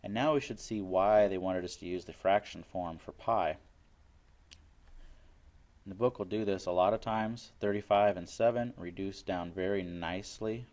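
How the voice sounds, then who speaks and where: Low-voiced male teacher walking through a math lesson, plain and patient, repeats key steps. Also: normal speed, darkish tone. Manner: plain explanatory, repeats steps, works problems aloud.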